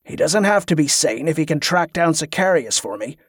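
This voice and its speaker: A man's voice: fairly high pitch, lively intonation, a little fast, breathy edge, no echo, clean studio sound. Man voicing a growling, scornful male ringleader. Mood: gruff commanding. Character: gruff bullying male schemer, a leader.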